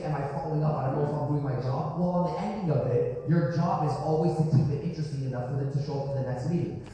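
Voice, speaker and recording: A man's voice: a little high, mellow, a little hiss or hum. A man coaching salespeople in a punchy, emphatic style, repeating his points for effect. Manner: emphatic, punchy, repetitive asides. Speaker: sales trainer. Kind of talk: motivational sales coaching talk. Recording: echoey hall from far off, faint ambience.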